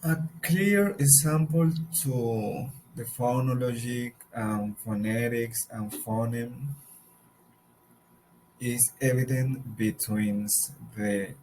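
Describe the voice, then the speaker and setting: A man teaching a recorded mini lesson, explaining carefully with pauses and repeating example words. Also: mid-range voice, darkish tone, a little hiss or hum, rough recording.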